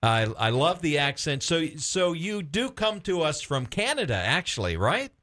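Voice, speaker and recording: A man's voice: fairly high pitch, big pitch swings, normal speed, a bit bright. A middle-aged man from Florida hosting a Christian radio talk show, upbeat and enthusiastic, laughing often and restarting his sentences.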